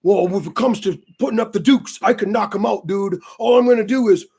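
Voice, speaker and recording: A cocky young tourist guy, put on by a man telling a story, full of swagger and loud bravado, sure that nothing can touch him. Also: high-pitched, fairly quick, gravelly, slightly rough, heavily acted. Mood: boastful. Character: cocky young male tourist boasting about fighting.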